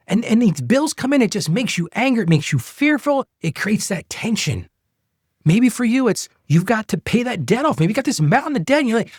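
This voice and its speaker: A man's voice: very high voice, sing-song, fairly quick, slightly rough, no echo, studio quality. A middle-aged man hosting a faith-based money advice podcast, earnest and coaching, often repeating phrases for emphasis. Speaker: podcast host.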